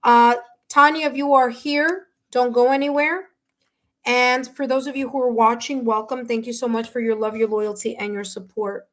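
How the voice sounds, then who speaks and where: A woman reading tarot live for her viewers, talking warmly and emotionally, with many fillers and restarts. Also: fairly high pitch, steady tone, moderate pace. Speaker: tarot reader and medium. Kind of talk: live-stream reading, casual chat with viewers.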